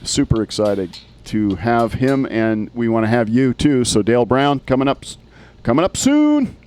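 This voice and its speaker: A man's voice: medium pitch, normal speed, a little mellow, clean tone, no room sound. A man hosting a livestream, greeting viewers by name and trading playful banter with his co-host. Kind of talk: casual livestream chat.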